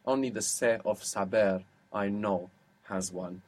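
A man teaching an audio language lesson, explaining patiently and slowing down on example words. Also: on the low side, darkish tone.

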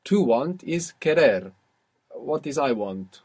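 A husky-voiced man leads a guided language lesson. He explains things patiently and step by step, and keeps quizzing his student as he goes. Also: mid-range voice, big pitch swings, slow, a little mellow. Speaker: language teacher.

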